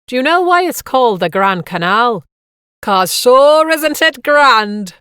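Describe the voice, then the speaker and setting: A woman voicing a jolly, joking male Irish bus guide with a booming voice and a broad Irish accent put on. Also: very animated, unhurried, clear, resonant tone, dry recording, clean studio sound. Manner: joking, loud and drawn out.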